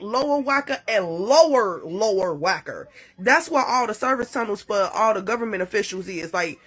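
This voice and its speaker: A woman telling a dramatic story to her phone in a casual, profane and animated way. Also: mid-range voice. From Chicago. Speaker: TikTok storyteller. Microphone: phone mic.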